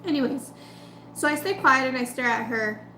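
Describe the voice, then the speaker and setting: A woman with a fairly high voice tells a story in a casual, chatty way as she eats on camera. The room is echoey, and a faint background hiss sits under her voice. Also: moderate pace. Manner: chatty, animated retelling with quoted voices. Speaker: food vlogger. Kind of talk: casual storytelling while eating.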